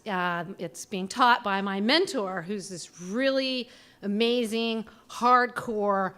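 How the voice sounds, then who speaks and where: A woman in her forties telling a personal story live on a small theater stage, animated and self-deprecating, acting out the voices she quotes. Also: mid-range voice, clear, resonant tone.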